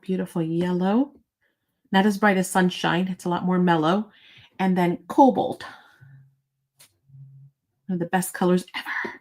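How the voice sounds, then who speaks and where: A woman's voice: fairly low pitch, steady tone, measured pace, long pauses, darkish tone, poor audio. A woman hosting a live online sale, talking in a bubbly, chatty way and thinking aloud as she goes. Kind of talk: casual live-sale chat.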